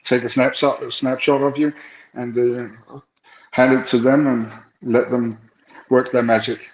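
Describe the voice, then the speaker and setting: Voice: medium pitch, little pitch movement, unhurried. Co-host, amused interjections, dull echoey audio. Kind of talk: casual chat.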